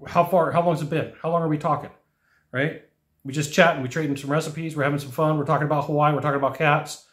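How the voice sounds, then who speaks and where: A man teaching technicians about sales in a lively monologue, acting out whiny customer voices along the way. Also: a little high, reverberant. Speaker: sales trainer.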